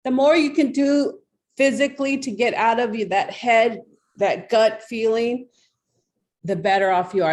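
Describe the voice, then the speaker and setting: A woman's voice: on the high side, unhurried, a little mellow. A woman coaching a tapping exercise, giving step-by-step instructions in a coaxing, instructive way. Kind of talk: guided tapping demonstration.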